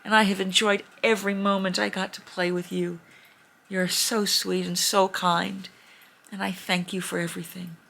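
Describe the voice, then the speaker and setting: A woman voicing a kind, wise fairy in a told fairy tale, speaking in a gentle, earnest way. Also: medium pitch, flat delivery, normal speed, gravelly. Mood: tender.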